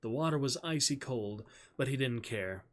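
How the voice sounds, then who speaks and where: A man reads a novel aloud on his stream at a calm, measured pace. His voice sits at an ordinary middle pitch, and each sentence comes out steady and even as the story unfolds.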